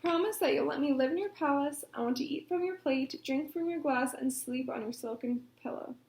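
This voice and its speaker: A woman voicing a polite, eager little male frog with a croaking, courtly manner in a storybook reading. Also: sits high, fairly quick, a little mellow, reverberant, a little hiss or hum. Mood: courteous.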